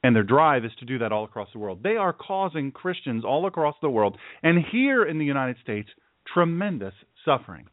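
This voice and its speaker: Emphatic preacher, tinny phone-like sound. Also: male voice, medium pitch, sing-song, brisk, dry recording. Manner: forceful, emphatic preaching with repetition. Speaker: pastor and show host. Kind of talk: preaching talk show.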